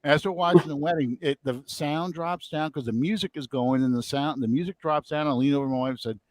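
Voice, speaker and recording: A man's voice: a little high, brisk, few pauses, no room sound. A middle-aged man, hosting a podcast and telling a story in casual chat, acting out the quotes he tells. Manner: animated, acts out quotes. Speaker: podcast host.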